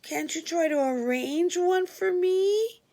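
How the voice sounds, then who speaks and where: A woman's voice: very high-pitched, expressive, takes it slowly, warm tone, voice pushed up, full character voice. A woman voicing a whiny male prisoner who pleads and begs, in a storybook reading. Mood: whining. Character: whiny jailed man begging for calls.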